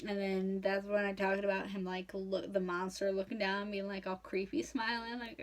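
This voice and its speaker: A woman's voice: mid-range voice, little pitch movement, normal speed, hardly any pauses. Tipsy, rambling young woman. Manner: slurring, profane, rambling. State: drunk. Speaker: comedic host retelling a novel. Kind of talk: tipsy casual storytelling.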